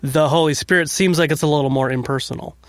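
A man's voice: fairly high pitch, steady tone, fast talker, dry recording, studio quality. A man co-hosting a podcast, chatting casually and laughing often as he talks. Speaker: podcast co-host. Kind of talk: casual chat.

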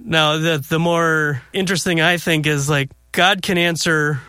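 A man's voice: on the high side, steady tone, a little slow, hardly any pauses, pushed and bright, clean tone, no echo, clean studio sound. A man in casual conversation about faith, telling a story and laughing often.

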